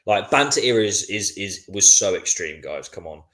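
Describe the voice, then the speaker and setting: A man reacting live to a football match, worn out and grumbling. His voice sits very low. He keeps chatting back to viewers in a loose, casual way. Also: lively intonation, normal speed, fairly bright tone. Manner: frustrated, weary, chatty with viewers. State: sleepy, yawning. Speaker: watchalong host.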